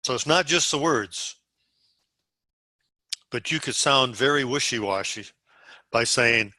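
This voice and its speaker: A man's voice: mid-range voice, slow, pauses often, bright, forceful tone, no room sound. A man leading a sales group over a video call, walking them through phone scripts step by step in an instructive way. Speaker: sales team leader.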